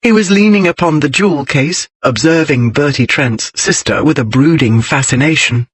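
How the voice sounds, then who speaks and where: A man reading an audiobook narration in an expressive, measured storytelling manner. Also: on the high side, husky, dry recording, poor audio. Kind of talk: scripted narration.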